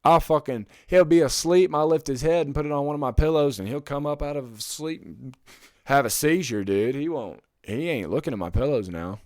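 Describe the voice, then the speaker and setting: A young man hosting a podcast alone, rambling in casual chat, swearing often and getting loud and heated when he rants. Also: fairly high pitch, fairly quick, dry recording, studio quality. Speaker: podcast host.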